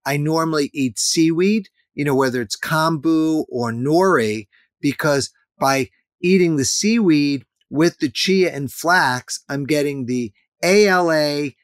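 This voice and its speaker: A man's voice: fairly high pitch, a little slow, dry recording, clean studio sound. A man in his fifties, a guest in an interview, talking earnestly and emphatically, repeating his key points. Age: 50s. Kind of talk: interview conversation.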